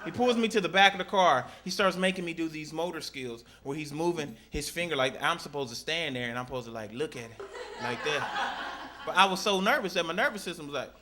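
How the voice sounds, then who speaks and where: A man from Texas doing a stand-up set on a club stage, telling animated stories and acting out the voices. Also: a little high, a little fast, very noisy. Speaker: stand-up comedian. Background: audience laughter.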